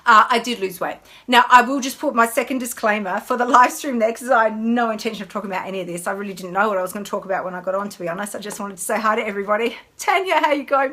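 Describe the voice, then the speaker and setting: A woman, a health coach chatting casually on a live stream in an animated way. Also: mid-range voice. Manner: chatty, animated, mimics whiny inner voices.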